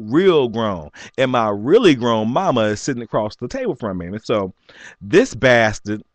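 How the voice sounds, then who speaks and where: Animated, laughing man telling a story. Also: no echo. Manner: animated, laughing, voice jumps high for quoted lines. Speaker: vlogger. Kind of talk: storytelling rant.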